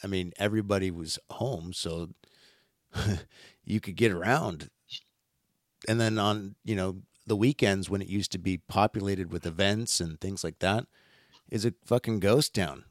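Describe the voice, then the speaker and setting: A man's voice: deep voice, a little slow, no echo, clean studio sound. Blunt, profane male podcast host. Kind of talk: casual political chat.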